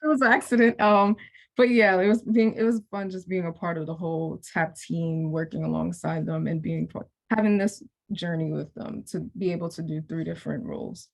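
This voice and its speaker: A woman's voice: lowish voice, steady tone, brisk, creaky. A young woman, a program graduate, talking casually on a video call and rambling with many fillers and restarts.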